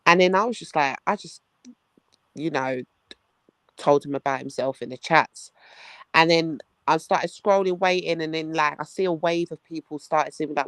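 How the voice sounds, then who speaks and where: Animated man telling a story. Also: on the high side, moderate pace, no echo. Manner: animated, calls listener "bro", acts out quoted voices. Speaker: podcast co-host. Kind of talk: casual storytelling chat.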